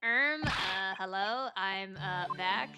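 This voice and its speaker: In a slow, mid-range voice, a woman streamer works through a game's script in a let's-play, giving each character a voice herself. Casual asides come between the lines, and game music plays underneath.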